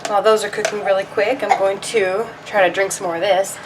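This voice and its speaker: A woman's voice: mid-range voice, flat delivery, brisk, over music. A young woman vlogging her day, chatting casually to her viewers. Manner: chatty, addresses viewers as you guys. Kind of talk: casual chat.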